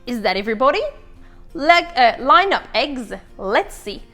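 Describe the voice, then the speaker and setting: A chatty, easily flustered little boy egg, put on by a woman in a storytime read-aloud. The voice sits high and swoops all over, unhurried, with faint music underneath. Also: expressive, a bit bright. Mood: searching. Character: chatty, anxious little male egg, loyal leader.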